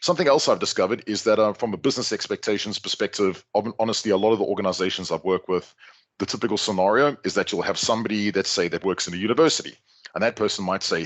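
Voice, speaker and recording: A middle-aged South African man giving a lively, joking talk to an online audience. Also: on the low side, fast. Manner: lively, jokey, chatty asides. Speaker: guest speaker. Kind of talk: conference talk on a video call.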